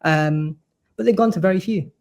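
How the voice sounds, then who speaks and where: A podcast guest whose voice sits high speaks at a normal speed. He's vice-chair of a supporters' board, and in this casual chat he's talkative and earnest, explaining at length.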